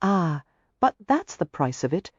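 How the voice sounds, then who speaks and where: A woman voicing a confident, teasing Irish man, speaking in a put-on warm brogue in an audiobook. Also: sing-song, measured pace, slightly rough, dry recording, lo-fi sound, exaggerated voice. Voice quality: warm, low and resonant in brogue. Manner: teasing, matter-of-fact.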